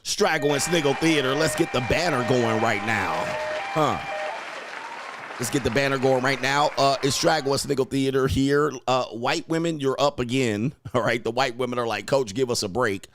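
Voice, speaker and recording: A man's voice: medium pitch, normal speed, a crowd in the background, background noise. A man coaching and commenting on clips in a crude, mocking way, laughing often. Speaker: dating coach.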